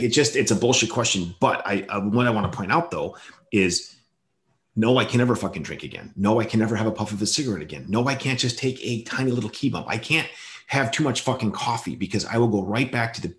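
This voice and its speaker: A man's voice: lowish voice, a little fast, a bit bright. A man hosting a casual conversation, blunt and profane, often stammering as he restarts his sentences.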